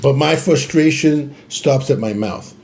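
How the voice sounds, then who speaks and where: A man on a podcast gives advice in an emphatic way, often repeating himself to drive a point home. His voice is mellow and dark, at an ordinary pitch for a man. A faint noise hums underneath. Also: measured pace, gravelly. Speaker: podcast co-host. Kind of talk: casual podcast conversation.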